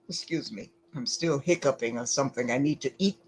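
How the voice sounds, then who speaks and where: A woman giving lecture-style commentary, deliberate and emphatic, often pausing to ask rhetorical questions. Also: a bass voice, slight background noise, poor audio.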